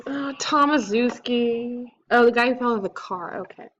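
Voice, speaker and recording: A woman playing a tabletop game, chatting casually and excitedly, often laughing and exclaiming. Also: a little high, normal speed, highs cut off.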